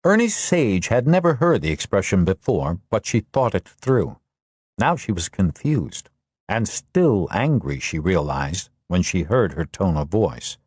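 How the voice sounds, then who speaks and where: A man with a lowish voice narrates a war novel in a steady, measured way, letting his pitch move freely across each sentence. The sound is close and dry, with no room around it. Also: husky, dry recording. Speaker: audiobook narrator. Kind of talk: scripted narration.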